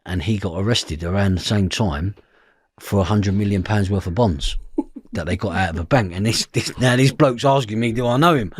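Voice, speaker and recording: A man's voice: lowish voice, moderate pace, slightly rough. A man with a London Cockney accent, telling a story as an interview guest, acting out the voices in his quotes and swearing freely. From East London, England.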